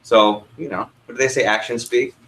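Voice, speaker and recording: A man's voice: medium pitch, fairly even intonation, moderate pace, background noise. A young man, a sales trainer, teaching a workshop room and telling a story, asking the audience questions as he goes.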